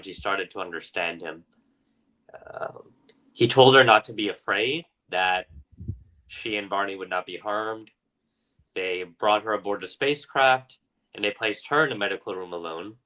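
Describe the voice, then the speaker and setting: Bright-voiced casual male podcast storyteller. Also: lowish voice, low-quality recording. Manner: loose, filler-heavy retelling with acted-out quotes. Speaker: podcast co-host retelling a story.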